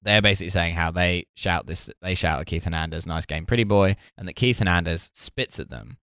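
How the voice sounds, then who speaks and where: Deep gravelly guy rambling on a podcast, lots of ums. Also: a little fast, bright, forceful tone, dry recording, clean studio sound. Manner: rambling, hesitant with fillers. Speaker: podcast co-host. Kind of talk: casual chat.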